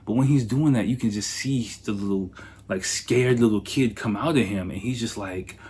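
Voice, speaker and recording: A man hosting a podcast, telling a travel story in a loose, animated way, full of swearing and fillers. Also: on the low side, moderate pace, a little hiss or hum. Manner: animated, profane, filler-heavy retelling. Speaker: podcast host. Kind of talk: casual anecdote storytelling.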